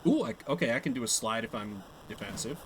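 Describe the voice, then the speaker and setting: A man's voice: medium pitch, lively intonation, fast, a little hiss or hum, rough recording. A young man chatting casually and laughing at himself while he plays a game live. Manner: chatty, self-mocking, laughs often. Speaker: streamer. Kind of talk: live gameplay commentary.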